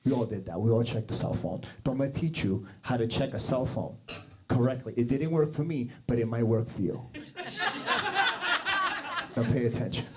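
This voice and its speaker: A man's voice: mid-range voice, moderate pace, mellow, slight background noise. A man doing a crude, crowd-teasing stand-up set on a studio stage. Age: 40s. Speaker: stand-up comedian. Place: TV studio stage with live audience.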